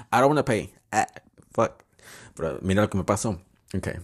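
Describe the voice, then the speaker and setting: Young man, twenties, low voice, profane, chatty podcast host, switching. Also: lively intonation, normal speed, slightly rough. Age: 20s. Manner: profane, chatty, switches between English and Spanish, laughs often. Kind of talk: casual storytelling monologue. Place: home.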